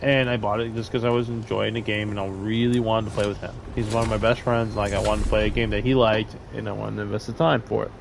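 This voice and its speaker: Young man, gravelly voice, rambling crude storyteller, faint background hiss. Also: lowish voice, flat delivery, quick pace, few pauses, poor audio. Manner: rambling, crude, loud laughing bursts. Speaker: storyteller in a casual talk. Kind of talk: casual storytelling chat.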